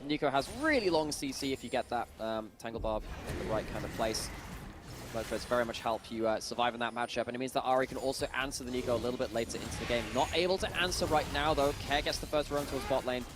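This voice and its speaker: A man's voice: medium pitch, fast, noisy background. A man casting a live esports match, doing play-by-play with playful, jokey asides. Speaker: esports caster.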